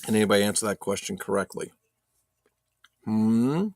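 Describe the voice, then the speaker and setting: A low, gravelly male voice runs a loose, joking live stream from his home setup. He swears casually and reads viewers' chat aloud. The sound is dry and close, with no room echo. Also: normal speed, darkish tone.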